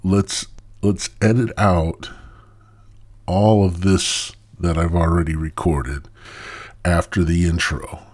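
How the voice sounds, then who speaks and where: A man's voice: deep voice, fairly even intonation, takes it slowly, pauses often, darkish tone. A stoned man hosting his own podcast in a crude, rambling monologue that loses its thread. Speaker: podcast host.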